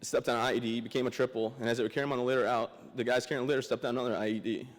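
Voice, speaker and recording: A young man giving a memorial speech as a guest speaker, joking and self-deprecating, halting and emotional, close to tears. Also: medium pitch, steady tone. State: emotional, teary. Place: large memorial hall. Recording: long hall reverb.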